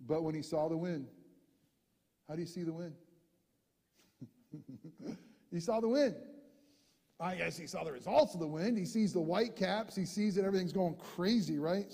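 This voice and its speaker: A man preaching a sermon, telling a scripture story with lively acted-out voices and sudden drops to a hush. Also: a little high, long reverb tail. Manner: animated storyteller, acts out characters, shifts from loud to hushed. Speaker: pastor.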